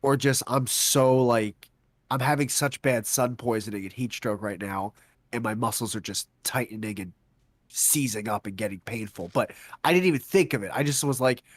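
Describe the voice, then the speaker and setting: A man's voice: medium pitch, moderate pace, no room sound. Young male podcast co-host, casual storyteller, acts out dialogue, dry close mic. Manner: animated storyteller acting out quotes, swearing.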